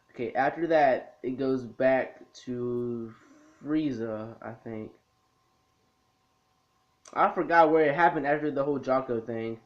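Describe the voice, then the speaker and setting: A man casually recapping a cartoon episode for his video review, rambling with lots of ums and restarts. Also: medium pitch. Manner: rambling, full of ums and restarts, laid-back. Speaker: anime review vlogger. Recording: slightly muffled lo-fi recording.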